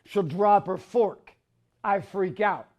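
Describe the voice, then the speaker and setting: A man giving a fiery, profane motivational talk, bursting into shouts to drive his points home. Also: high voice, slow, dull audio. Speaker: motivational speaker.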